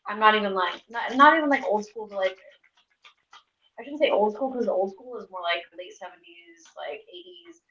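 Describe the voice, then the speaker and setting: A woman's voice: medium pitch, animated, moderate pace, a bit bright, a little hiss or hum. A woman in her forties casually chatting and swearing as she cooks on a livestream. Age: 40s. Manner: chatty, profane, self-deprecating. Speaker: streamer. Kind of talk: casual cooking livestream chat. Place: home kitchen. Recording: echoey room, dull lo-fi audio.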